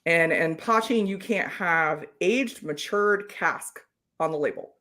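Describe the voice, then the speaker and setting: A woman's voice: fairly low pitch, slow, bright, forceful tone. A woman hosting a live whiskey tasting, chatting casually and explaining technical details. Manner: informative, reads out viewer comments, lists technical whiskey details. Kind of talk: casual chat, live stream.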